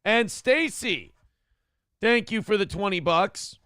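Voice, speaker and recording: A man's voice: high voice, animated, slow pace, a bit bright, no echo. A man hosting a morning talk show, ranting in a casual, profane, exasperated way.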